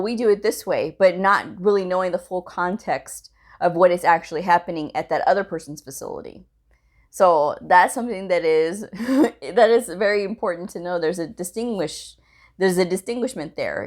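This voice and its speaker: Blunt woman giving career advice. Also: lowish voice. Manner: blunt, direct, laughs often. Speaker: medical coding channel host. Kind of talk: casual career advice vlog.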